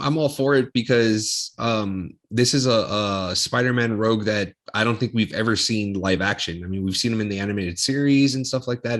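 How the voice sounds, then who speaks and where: A man co-hosting a podcast, telling a story in a laid-back, casual way with casual swearing. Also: medium pitch. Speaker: podcast co-host. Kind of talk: casual chat.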